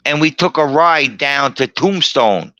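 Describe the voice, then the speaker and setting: A man's voice: on the high side, animated, measured pace, bright, forceful tone, no room sound. A middle-aged man telling rowdy, profane tall tales as a guest, combative and boastful. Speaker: guest storyteller. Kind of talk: rowdy bar-room storytelling.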